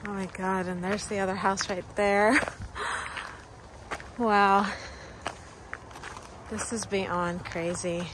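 A woman filming a travel vlog on her phone outside, a little out of breath and gushing over every sight she reaches. She talks at an unhurried pace, with street noise plainly audible behind her. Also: mid-range voice, fairly even intonation. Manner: gushing, exclaims often, laughs. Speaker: travel vlogger. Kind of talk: excited walking vlog. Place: outdoors in cold weather, on a street.

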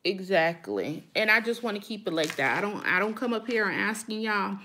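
A woman's voice: medium pitch, big pitch swings, brisk, hardly any pauses, a bit bright. Frank, emphatic woman chatting live. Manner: emphatic, frank, talks straight to viewers. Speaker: YouTuber hosting a live chat. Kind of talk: casual live chat with viewers.

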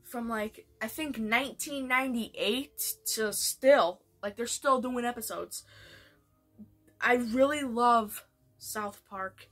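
High-voiced, slow-talking woman vlogger. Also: fairly bright tone, faint music behind. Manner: rambling, with many restarts. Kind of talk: casual vlog chat ranking TV shows.

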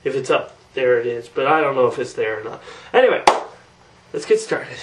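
A man's voice: medium pitch, very animated, a little fast, far from the mic. A young man from Canada casually introducing his impressions video, rambling and hesitant with many fillers. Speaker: YouTuber.

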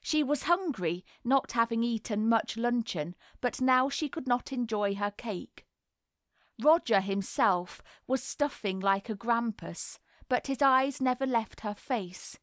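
Slow, measured woman narrator. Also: a little high, expressive, dry recording, clean studio sound. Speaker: audiobook narrator. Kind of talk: audiobook narration of a classic novel.

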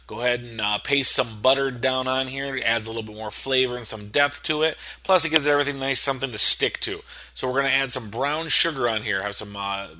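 A man's voice: mid-range voice, a little fast, bright, forceful tone. A young man giving a casual cooking tutorial voice-over, laid-back and rambling, with lots of fillers and joking asides. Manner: jokey and irreverent asides. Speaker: home cooking instructor.

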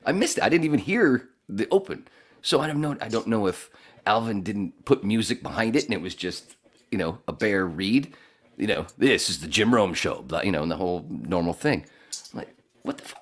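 A man's voice: low voice, brisk. A man who does radio voiceover, telling a rambling, profane story in casual podcast chat. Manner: rambling, profane, animated when mimicking.

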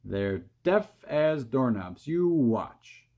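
A man voicing a boastful, rude male centipede who shouts insults with scorn. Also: medium pitch, very animated, extremely slow, voice pushed up, heavily acted. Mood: mocking.

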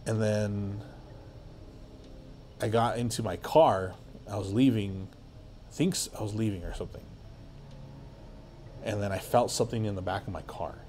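A man's voice: fairly low pitch, normal speed, long pauses, darkish tone, slight background noise. A man guesting on a podcast, telling a story in a rambling, casual way full of filler words and swearing.

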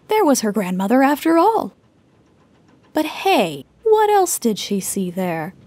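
A woman narrating a children's fairy tale in a gentle, expressive storybook manner. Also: on the high side, slightly rough. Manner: slow, gentle, expressive reading.

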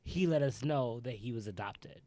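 A young man talking in casual chat, halting and full of restarts. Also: mid-range voice, dark tone.

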